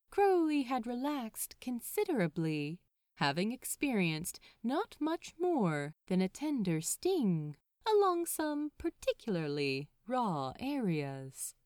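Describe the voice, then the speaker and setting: A woman reading a story aloud in a slow, soft and expressive storytelling manner. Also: on the high side, dry recording, studio quality. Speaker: reader. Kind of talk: fan fiction reading.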